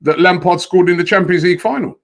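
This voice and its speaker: A man hosts a football debate and puts matchups to the panel. His voice sits a little high, and he hesitates and repeats words as he goes. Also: quick pace, creaky, fairly bright tone. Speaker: host.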